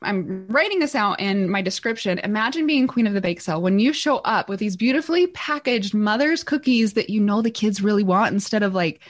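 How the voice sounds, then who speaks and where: A middle-aged woman who co-hosts and runs a business, telling stories in an excited, animated way. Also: mid-range voice, brisk, hardly any pauses. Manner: excited, animated storytelling with laughs. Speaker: podcast co-host and business owner. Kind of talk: casual chat.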